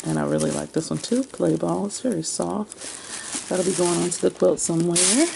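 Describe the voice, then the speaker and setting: Gravelly woman chatting at home. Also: fairly low pitch, moderate pace, heavy background noise. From United States. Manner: chatty, talks to herself while rummaging, laughs often. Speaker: crafter and vlogger. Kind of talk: casual chat to viewers. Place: home sewing room.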